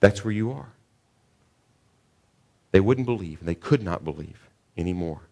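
An earnest man with a fairly low voice preaching a sermon. He often stumbles and repeats words before pressing a point with emphatic questions to the congregation. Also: lively intonation, normal speed, creaky, mellow. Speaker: pastor.

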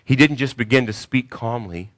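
A man preaching a sermon, swinging from hushed, slow phrases to loud cries, sometimes repeating words as he searches for the next one. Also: medium pitch. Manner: emphatic, repeats words while searching for them. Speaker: pastor.

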